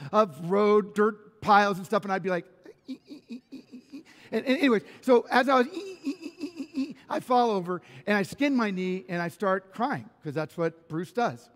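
A man preaching a conversational sermon in a church, telling personal stories with lively restarts. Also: high voice, a little fast, few pauses. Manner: animated personal storytelling with restarts. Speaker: pastor. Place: church sanctuary. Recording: long reverb of a church hall.

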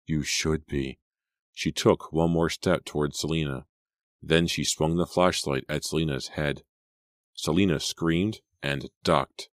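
A man narrating a suspense audiobook in a measured, suspenseful way. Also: very deep voice, steady tone, no room sound, clean studio sound. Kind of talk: dramatic audiobook reading.

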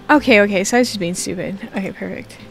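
With a medium-pitched voice marked by vocal fry, a young woman creating gaming content jokes around and talks to herself in a chatty way while playing.

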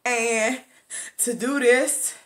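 A woman hosting her own podcast, talking in an emotional, nervous, excitable way and calling listeners baby and boo. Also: fairly high pitch, drawn-out words. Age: adult with children. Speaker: podcast host. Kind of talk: casual motivational talk. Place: Maryland, USA.

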